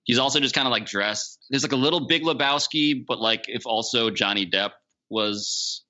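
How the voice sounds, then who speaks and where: A man's voice: medium pitch, normal speed, bright, forceful tone. Incredulous man on a dull line. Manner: incredulous, storytelling asides. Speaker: podcast guest. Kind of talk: casual comedic chat.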